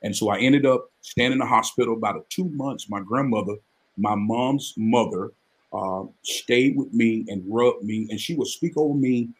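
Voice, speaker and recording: A man, telling his life story as a guest on a live podcast, earnest and animated. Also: medium pitch, moderate pace. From Mississippi, US. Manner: earnest, animated storytelling with sudden excited rises.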